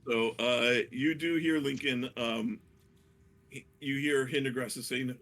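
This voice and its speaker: A man narrating a tabletop game as dungeon master, hesitant and full of fillers, with a gravelly voice. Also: medium pitch, fairly even intonation, a little slow, fairly bright tone. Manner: hesitant, many fillers and restarts.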